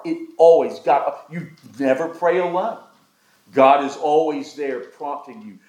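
A man with a fairly high voice preaches a sermon. He is emphatic and keeps asking his listeners rhetorical questions, dropping to a hush and then rising loud again. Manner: emphatic, with rhetorical questions and sudden swings between loud and hushed.

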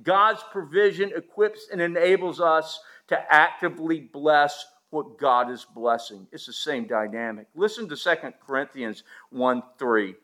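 A man preaching a sermon, emphatic, asking the listeners rhetorical questions and swinging from loud to hushed. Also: a little high, unhurried, hardly any pauses.

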